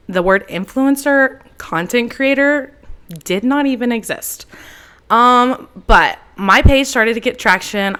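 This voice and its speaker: A woman's voice: medium pitch, a bit bright, smooth. A woman in her twenties from Texas, hosting her own podcast and talking casually into a handheld mic, chatty and frank with the odd swear word. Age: 20s. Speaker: podcast host. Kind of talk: casual solo monologue. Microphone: handheld microphone.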